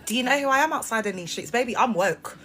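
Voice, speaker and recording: Bright-voiced woman, sassy and confrontational, phone live stream, faint music behind. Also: a little high, expressive, fast. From United Kingdom. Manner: sassy, confrontational, talks straight to viewers. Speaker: livestreamer. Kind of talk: casual live-stream rant.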